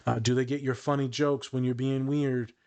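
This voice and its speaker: A man's voice: medium pitch, little pitch movement, moderate pace, a little mellow, clean tone. Man hosting a casual podcast. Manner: conversational, teasing, counselor-like explaining. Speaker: podcast host.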